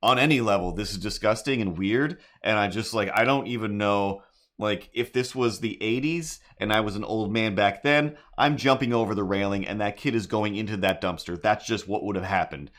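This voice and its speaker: A man's voice: on the low side, moderate pace. A middle-aged man telling a rambling story on a live stream while drawing, breaking into silly made-up jingles. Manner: rambling, animated, sings silly improvised jingles. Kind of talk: casual livestream storytelling.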